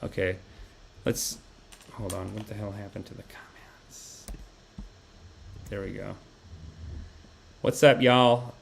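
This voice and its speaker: A man's voice: fairly low pitch, slow pace, creaky, long pauses, slight background noise. A man hosting a live podcast, chatting casually with lots of swearing and tangents. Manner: profane, rambling, animated. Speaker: podcast host. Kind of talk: casual livestream chat.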